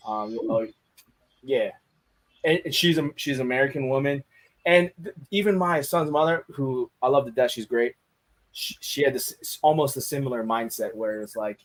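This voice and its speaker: A man's voice: medium pitch, fairly quick, a bit bright. A man in casual podcast chat, speaking candidly with frequent swearing and restarts. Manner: candid, profane, many restarts.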